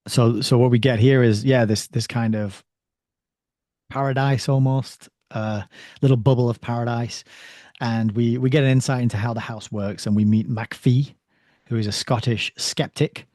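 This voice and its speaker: A man with a mellow, dark-toned voice hosts a relaxed book discussion. He reads passages aloud and chuckles between lines, recorded close and dry. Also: medium pitch, normal speed, no echo. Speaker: podcast host.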